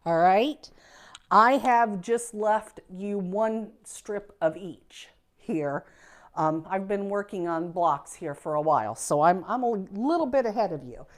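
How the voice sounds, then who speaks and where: Unhurried middle-aged woman, Midwestern accent, chatty self-deprecating sewing teacher, mid pitch. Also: expressive. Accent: Midwestern American. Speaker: quilting instructor. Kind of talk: casual sewing demonstration. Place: sewing room.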